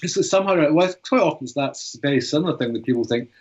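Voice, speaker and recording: A man's voice: on the high side, expressive, fast talker, a little mellow, slightly rough. A man in his fifties from Britain, a psychotherapist reading a story aloud and then explaining his views in an earnest, searching way. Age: 50s. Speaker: psychotherapist and author. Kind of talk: storytelling and interview talk. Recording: dull lo-fi recording.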